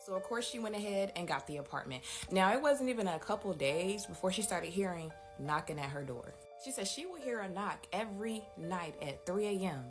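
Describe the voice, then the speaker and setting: A woman's voice: medium pitch, expressive, fairly quick, hardly any pauses. A woman hosting a casual storytime, narrating a spooky tale in a chatty way and talking straight to her viewers. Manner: chatty, addresses viewers directly. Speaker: storytime host. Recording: music playing behind the voice.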